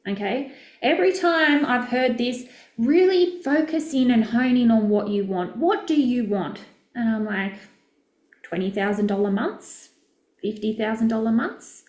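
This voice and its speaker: A woman's voice: on the high side, expressive, a little slow, darkish tone, roomy sound. A woman, a business coach, chatting casually and effusively with viewers during a live session, rambling and correcting herself as she goes.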